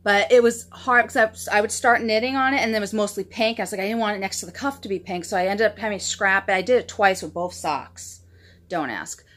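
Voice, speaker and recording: A woman's voice: mid-range voice, a little fast, a bit bright. A woman hosting a knitting podcast, chatting casually and gushing over her projects with self-deprecating humor. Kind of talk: casual show-and-tell chat.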